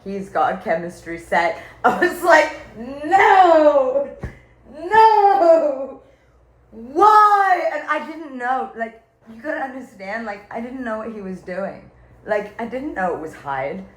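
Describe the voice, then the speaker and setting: A woman with an expressive, fairly bright, medium-pitched voice speaks at normal speed, venting to her viewers in a comedic, rambling monologue. She's theatrical, swearing and using plenty of filler words, in an echoey room with faint ambience.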